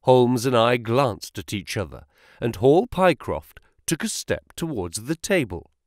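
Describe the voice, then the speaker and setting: A man's voice: mid-range voice, big pitch swings, unhurried, a little mellow, no room sound, clean studio sound. A man reading a classic detective story aloud as narrator, voicing each character. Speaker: audiobook narrator.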